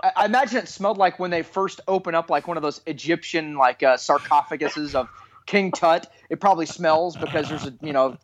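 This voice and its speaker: A man's voice: a little high, a little fast, lo-fi sound. A man hosting a podcast, chatting casually and joking around. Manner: lively, joking, riffs on the story. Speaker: podcast host. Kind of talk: casual chat.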